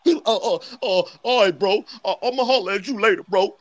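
A man from New York with a New York accent, trash-talking loudly and boastfully as a guest on a livestream call. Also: high-pitched, a little fast. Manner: brash, boastful, loud. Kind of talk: heated livestream trash talk.

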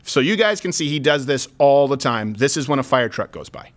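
A man's voice: medium pitch, fairly quick. A man hosting a casual studio chat show and talking to his dog. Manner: animated, talks to his dog. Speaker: show host.

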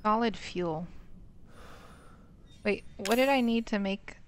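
A woman's voice: mid-range voice, slow, a little hiss or hum. A young woman commenting on a horror game as she plays, swearing freely and shrieking when startled. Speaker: let's play gamer. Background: game music.

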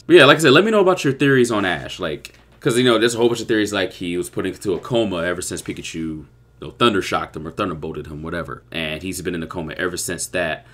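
A young man giving crude, excitable reaction commentary with loud outbursts. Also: low-pitched. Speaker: YouTube reactor.

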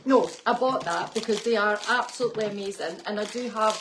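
A woman's voice: mid-range voice, fairly quick, reverberant, background noise. A young adult woman in casual, teasing banter, reviewing a shopping haul with her wife at home. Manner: teasing, giggly.

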